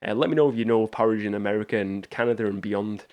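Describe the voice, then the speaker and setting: A man with a slightly low voice talks through film picks in a loose, chatty manner. He rambles from one thought to the next like a channel host speaking straight to his viewers. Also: rapid-fire, lo-fi sound. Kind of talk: casual movie review talk.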